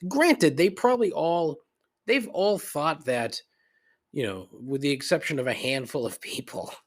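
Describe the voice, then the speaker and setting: A man's voice: fairly high pitch, lively intonation, unhurried. A middle-aged man hosting a podcast, ranting in a casual, comedic, profane and rambling way. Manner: profane, rambling, griping, frequent laughs and asides. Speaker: podcast host.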